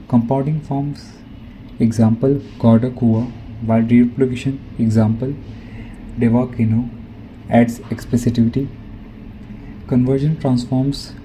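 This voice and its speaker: A male student reading a prepared academic presentation, careful and measured, now and then correcting himself. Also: medium pitch, mellow, a little hiss or hum, rough recording.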